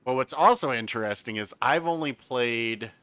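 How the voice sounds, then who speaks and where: A game streamer gives loose, chatty commentary on his own live gameplay, explaining game mechanics and often stopping to read chat messages aloud and answer them. His mid-range voice is bright, forward, clear and resonant, at a moderate pace, in a dry recording.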